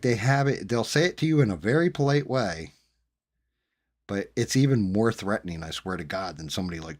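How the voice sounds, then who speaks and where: Host, middle-aged man from New Jersey; low-pitched, profane, rambling casual storyteller. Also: expressive, brisk. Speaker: streamer host chatting with viewers. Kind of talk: casual chat.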